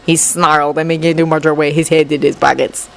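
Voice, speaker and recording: A woman narrating a fanfiction audiobook with expressive storytelling. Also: deep voice, brisk, vocal fry.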